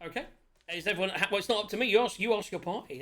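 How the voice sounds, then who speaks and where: A man's voice: high voice, racing, a bit bright, faint music behind. A man narrating a tabletop game as game master, chatty and laughing as he describes the scene.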